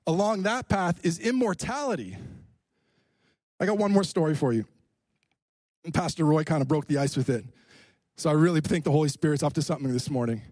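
A man's voice: on the high side, fast talker, pauses often, dark tone, no echo. A male preacher giving a fervent sermon in a church, repeating phrases and calling out to the congregation. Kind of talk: sermon with altar call.

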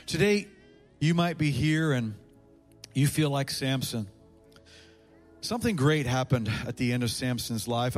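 A man preaching a sermon as a pastor in a church, his volume rising and falling for emphasis. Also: mid-range voice. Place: church sanctuary.

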